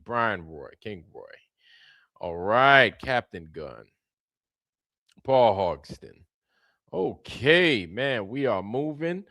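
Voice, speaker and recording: A man's voice: medium pitch, fairly bright tone, no echo, studio quality. A man hosting a casual livestream, greeting viewers by name in a loose, repetitive way with plenty of slang. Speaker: livestream host.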